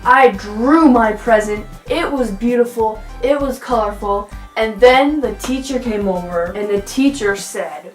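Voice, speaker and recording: Animated young woman telling childhood stories. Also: a little slow, hardly any pauses. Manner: animated, acts out quoted voices in a high pitch. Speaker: vlogger. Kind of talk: casual storytelling to camera. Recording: echoey room with faint music.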